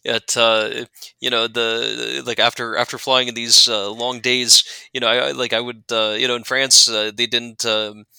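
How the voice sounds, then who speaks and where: A man with a gravelly, bright voice talks in a loose, rambling way, circling back with fillers and restarts. The sound is dry and close, with no room around it. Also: medium pitch, flat delivery, moderate pace, no room sound. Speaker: guest glider pilot. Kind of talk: casual interview chat.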